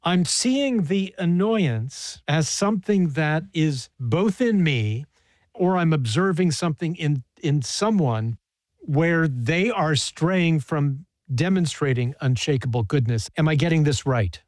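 A man's voice: on the high side, lively intonation, slow, no echo. Thoughtful male radio host. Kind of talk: interview and scripted narration.

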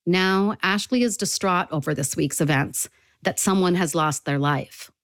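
Woman, news reporter, low pitch, measured delivery, dry. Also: dry recording.

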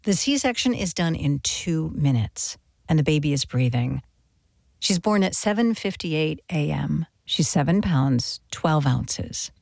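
A woman reporter narrating a documentary story in a measured, plain way. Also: sits low, animated, vocal fry, no echo, studio quality. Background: soft guitar music.

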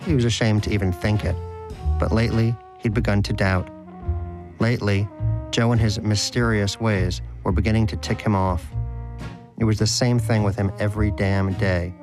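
A man's voice: fairly low pitch, fairly even intonation, normal speed. A man narrating a story aloud in a dry, wry storytelling manner. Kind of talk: audiobook narration. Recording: faint music behind.

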